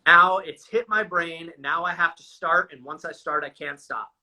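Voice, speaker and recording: A man recounts his own experiences in loose, candid conversation. His voice sits a little high and sounds very bright and forward. He swears often and tosses "dude" into nearly every sentence. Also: normal speed, rough recording. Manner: casual and profane, says "dude" constantly. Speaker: guest sharing a recovery story.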